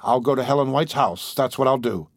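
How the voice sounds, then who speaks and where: A man reading the lines of an anxious, boastful teenage boy who talks in halting, earnest bursts. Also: medium pitch, no echo, studio quality, lightly acted. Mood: determined.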